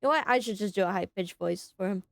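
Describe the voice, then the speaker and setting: A woman's voice: mid-range voice, fast, gravelly, dry recording. A woman from Texas with a Southern accent, chatting and swearing casually as she plays a game and voices its characters. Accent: Southern American. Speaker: streamer.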